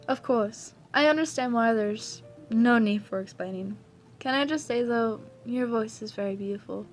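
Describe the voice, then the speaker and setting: A woman voicing a gentle, affectionate young man in a fan fiction reading, speaking softly and reassuringly. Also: a little high, normal speed, soft background music, close to an everyday voice. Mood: tender. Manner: soft, tender, reassuring.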